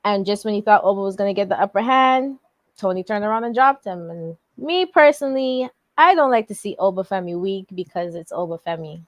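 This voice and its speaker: A woman's voice: medium pitch, expressive, fairly quick, no room sound, muffled recording. Woman casually recapping wrestling, dry mic. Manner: rambling, filler-heavy recap with slang. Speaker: podcast co-host.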